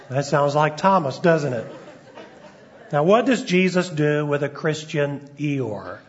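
A male pastor preaching in a conversational way. He stumbles through frequent fillers and restarts, and his voice sits fairly high. The recording sounds muffled and lo-fi. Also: expressive, slow. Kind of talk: sermon. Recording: dull lo-fi recording.

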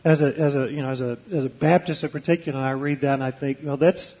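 A man's voice: mid-range voice, fairly even intonation, rapid-fire, highs cut off. A man who is a Baptist preacher, talking in an interview with many fillers and restarts. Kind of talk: conversational interview, reading a passage aloud.

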